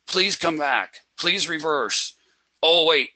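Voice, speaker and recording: A man's voice: mid-range voice, animated, a little slow, noisy background. A man teaching a live trading webinar, asking rhetorical questions and acting out a panicked trader. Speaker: trading instructor.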